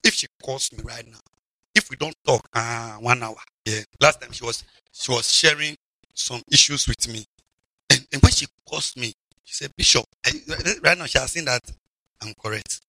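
Male preacher, animated and mocking, gravelly bright tone. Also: medium pitch, normal speed, no echo. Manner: animated, mocking, shouts and drawls for emphasis. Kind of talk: lively sermon to children.

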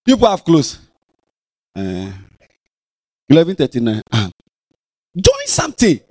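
A man's voice: fairly high pitch, measured pace, no echo, studio quality. A man with a Ghanaian accent preaching a sermon as pastor in a church, scolding and teasing his congregation. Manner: animated, scolding, playful.

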